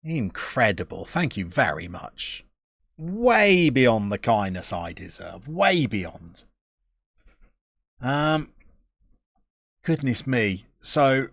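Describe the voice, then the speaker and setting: A man's voice: mid-range voice, big pitch swings, slow, no room sound, studio quality. A man chatting casually on a live game stream, reading viewer messages in a chatty, self-deprecating way. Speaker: Football Manager streamer.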